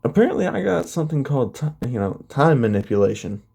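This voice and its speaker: Guy doing a boyish hyped-up young demigod voice, higher than his own. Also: big pitch swings, quick pace, gravelly, warm tone, slight background noise. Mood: eager. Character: eager young male demigod hero.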